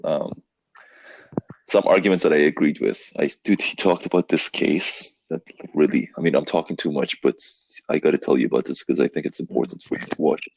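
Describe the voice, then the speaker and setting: A young man hosting a casual podcast chat, telling a story in an animated way, full of "like" and "dude". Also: very deep voice, fairly quick, vocal fry, slightly rough, dry recording. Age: young adult. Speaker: podcast host.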